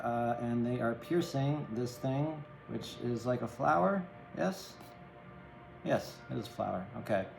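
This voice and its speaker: A man talks through a tarot reading in an easy, rambling way, often checking in with the listener. His voice sits at a middle pitch and sounds roomy, with faint music underneath. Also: darkish tone. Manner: chatty, empathetic, rambling with many "right?" tags. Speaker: tarot reader.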